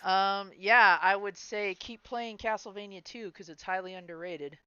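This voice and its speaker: A woman hosting a casual podcast chat, relaxed and quick to laugh. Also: mid-range voice, clear, resonant tone, no echo. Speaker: podcast host. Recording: dull, dry, slightly lo-fi.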